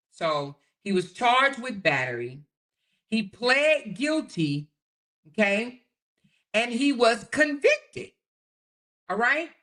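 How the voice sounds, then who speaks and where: A woman's voice: mid-range voice, fairly bright tone. A woman hosting a casual livestream, talking straight to her chat and repeating herself as she goes over her notes. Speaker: livestream host.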